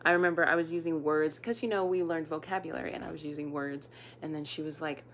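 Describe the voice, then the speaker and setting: A woman telling candid, rambling stories from her school years, with fillers and quick acted quotes. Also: sits low, fairly even intonation, a little hiss or hum. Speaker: storyteller. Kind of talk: casual personal storytelling.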